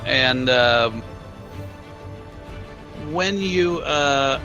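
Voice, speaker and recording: A man narrating a tabletop role-playing game as game master, slow and halting, with many filler words. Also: mid-range voice, animated, muffled recording, over music.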